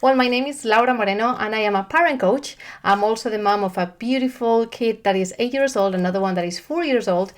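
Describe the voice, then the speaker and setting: A woman in her thirties, a parent coach, talking casually to camera in a chatty, animated way with frequent restarts. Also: medium pitch.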